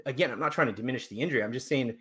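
A man co-hosting a casual sports podcast, breaking down football plays with animated, argumentative analysis. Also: medium pitch, racing, husky.

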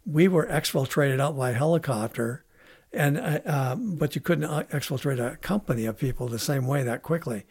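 A man in his seventies, a military veteran, telling war stories in a halting, casual way. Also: a little high, expressive, a little mellow, breathy edge. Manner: halting, with many restarts and fillers. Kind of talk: casual storytelling interview.

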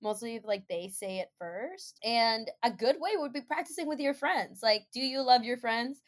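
Young woman, slightly high voice, casual chat, animated, lots of fillers. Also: normal speed.

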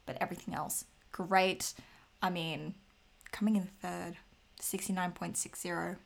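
A woman's voice: on the low side, fairly even intonation, unhurried, gravelly. A woman co-hosting a casual chat show, upbeat and playful. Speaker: podcast co-host. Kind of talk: casual chat about figure skating.

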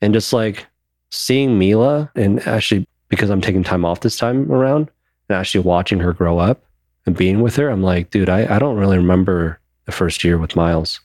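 A man's voice: low-pitched, moderate pace, darkish tone, no echo, studio quality. A man in his thirties, co-hosting a podcast, talking openly and emotionally in casual chat and swearing now and then. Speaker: podcast co-host.

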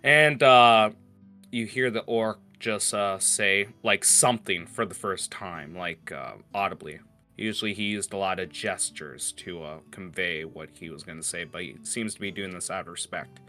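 A man's voice: sits low, moderate pace, sharp tone, faint music behind. A man narrating a tabletop game as game master, in a casual way with many filler words.

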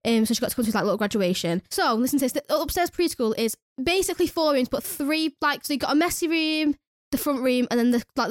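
A woman's voice: fairly high pitch, no echo. Young woman, rants and swears freely, dry close sound. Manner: sweary, exasperated ranting. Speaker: nursery worker. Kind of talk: casual storytelling chat.

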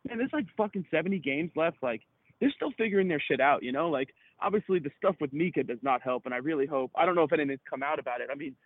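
A man in casual sports chat on a podcast, excitable and profane, rambling with lots of fillers. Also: on the high side, fast talker, no room sound. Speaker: podcast co-host. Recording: tinny phone-like line.

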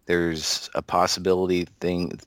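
Deep-voiced man chatting on a podcast. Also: flat delivery, a little slow, a bit bright, no room sound, studio quality. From Oklahoma, US. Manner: laughs while telling stories, drawling. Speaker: podcast guest. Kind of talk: casual podcast chat.

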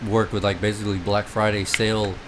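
A man's voice: on the low side, little pitch movement, a little fast, background noise. A man hosting a casual group chat, telling stories full of swearing and laughter.

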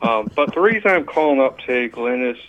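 Guy calling into a radio show, earnest, kinda halting, muffled phone line. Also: medium pitch, lively intonation, over a noisy crowd. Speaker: caller. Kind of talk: phone-in call. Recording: dull phone line with faint hiss.

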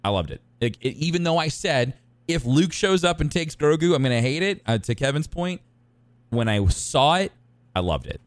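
Animated man rambling in casual chat. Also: a little high, normal speed, no room sound. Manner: excitable, rambling with many restarts. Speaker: podcast co-host.

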